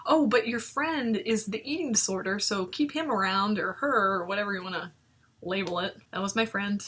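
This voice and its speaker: A woman's voice: mid-range voice, moderate pace, a bit bright, slight background noise. A young woman looking back on an old video of herself, talking casually and animatedly, with self-mocking humor and frequent laughs. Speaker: vlogger reviewing her old video. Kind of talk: reflective casual commentary.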